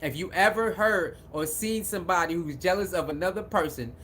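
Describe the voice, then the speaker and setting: Man, live-stream sports host. Bright, high voice, casual and repetitive, chats with viewers. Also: a little fast, slight background noise. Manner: repetitive, talks back to chat viewers.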